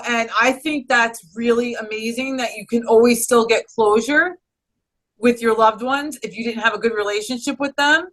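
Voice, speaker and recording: Bright-voiced woman telling a personal story. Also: on the high side, rough recording. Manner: earnest, rambling, with frequent restarts. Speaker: interview guest.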